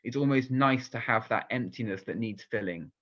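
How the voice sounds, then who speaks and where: A man's voice: medium pitch, normal speed, fairly bright tone, dull audio. A man giving a conversational sermon as a rabbi, talking about himself in a candid, personal, reflective way.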